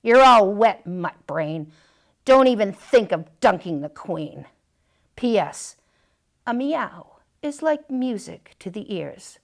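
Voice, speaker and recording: A woman's voice: mid-range voice, lively intonation, takes it slowly, gravelly. A woman reading a picture book aloud, voicing a regal, haughty house cat who thinks she is queen, with a lofty, dismissive manner. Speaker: storytime reader.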